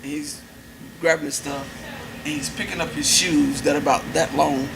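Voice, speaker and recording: An animated man tells a story in casual chat, his voice sitting a little high for a man. Steady room noise runs under him the whole time, the hum of a busy lounge. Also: normal speed, vocal fry. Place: cigar lounge. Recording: noisy room ambience.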